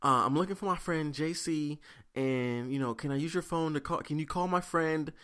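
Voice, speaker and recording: A man's voice: fairly high pitch, normal speed, a bit bright, smooth, voice pushed up, lightly acted. A man voicing a sketchy, pushy old homeless woman who begs insistently. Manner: pleading, insistent.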